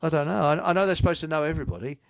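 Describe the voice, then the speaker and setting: A man's voice: a little high, rapid-fire, vocal fry, no echo. An older man hosting a casual radio chat, rambling and joking as he reads out listener comments. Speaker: host.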